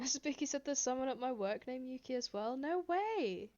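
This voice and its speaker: A woman's voice: sits high, fairly quick, a little mellow. Woman, casual streamer chat, giggly, desk mic, slightly dull audio. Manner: chatty, giggly, reads chat aloud. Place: home, indoors. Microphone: desk microphone.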